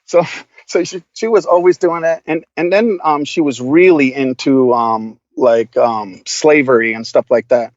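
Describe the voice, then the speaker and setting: A man's voice: medium pitch, unhurried, no room sound, dull audio. A man, a podcast guest, telling stories casually in a rambling, profane way, full of fillers. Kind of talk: casual storytelling.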